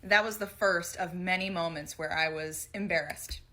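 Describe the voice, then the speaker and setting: A woman recounts a personal story in an animated storytelling way. Her voice is bright and forward. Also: on the low side, normal speed, a little hiss or hum. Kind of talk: storytime clip.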